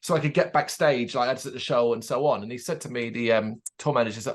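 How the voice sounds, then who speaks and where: A man co-hosting a casual chat show, telling an animated anecdote and acting out the people in it, swearing freely. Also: medium pitch, fast. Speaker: podcast co-host.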